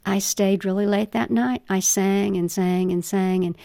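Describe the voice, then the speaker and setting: A woman's voice: mid-range voice, steady tone, unhurried, creaky, dark tone, dry recording, clean studio sound. Earnest older woman telling her story. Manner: earnest, heartfelt testimony. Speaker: guest author. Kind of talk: candid interview storytelling.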